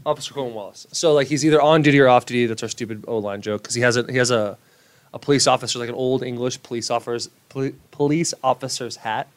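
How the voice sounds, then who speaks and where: A young man talks at a quick clip in a casual podcast chat. His pitch sits in the middle, and he wanders through stories, often laughing at his own jokes. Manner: rambling storyteller, laughs at himself. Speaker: guest.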